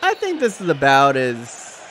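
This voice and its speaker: A man's voice: mid-range voice, huge pitch swings, a little slow, a bit bright. A man chatting casually on a livestream watchalong, sarcastic and swearing as he reacts. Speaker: streamer.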